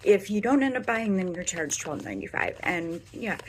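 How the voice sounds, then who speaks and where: A young Midwestern woman talks through a makeup review from her bedroom in a rambling, casual way. Her voice sits at an ordinary middle pitch and keeps dropping to a whisper. A faint hiss runs underneath the recording. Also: animated, moderate pace. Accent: American Midwestern. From American Midwest. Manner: chatty, rambling, often drops to a whisper. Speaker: beauty vlogger.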